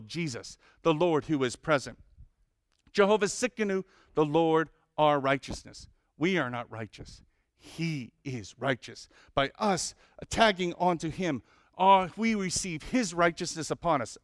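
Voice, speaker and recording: A male pastor preaching a sermon, listing names of God with lively emphasis and humorous asides. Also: a little high, no echo, clean studio sound.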